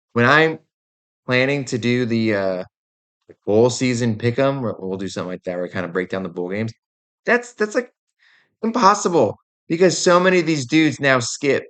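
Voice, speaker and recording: A man's voice: fairly low pitch, fairly bright tone. A young man hosting a sports show, ranting in a casual, exasperated way with lots of fillers. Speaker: podcast host. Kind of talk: opinionated sports rant.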